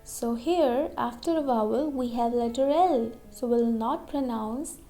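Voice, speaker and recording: A woman's voice: fairly high pitch, measured pace, warm tone, soft background music. A woman teaching English pronunciation, saying each example word twice and checking in with "okay?" as she explains. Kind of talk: slow, deliberate pronunciation lesson.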